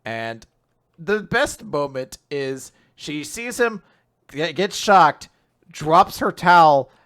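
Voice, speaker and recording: A man's voice: a little high, takes it slowly. A man co-hosting a podcast, chatting casually and acting out character dialogue in voices. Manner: animated, acts out dialogue in voices. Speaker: podcast co-host. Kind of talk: casual chat recapping comics.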